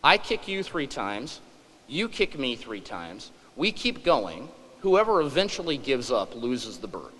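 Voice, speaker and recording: Calm, folksy old farmer read by a male speaker, dry and unhurried, echoing in a hall. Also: medium pitch. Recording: echoey hall.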